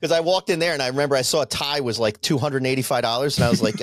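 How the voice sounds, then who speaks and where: A man with a New Jersey accent telling profane, animated stories as a podcast co-host. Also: mid-range voice, fast, dry recording, clean studio sound. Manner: profane storytelling, animated put-on quotes. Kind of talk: casual chat.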